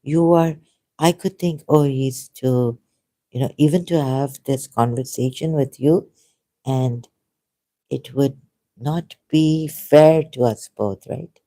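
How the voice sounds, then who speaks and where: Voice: medium pitch, takes it slowly, dark tone. A speaker in casual conversation who talks in a rambling, hesitant, self-deprecating way. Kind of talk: casual debate chat.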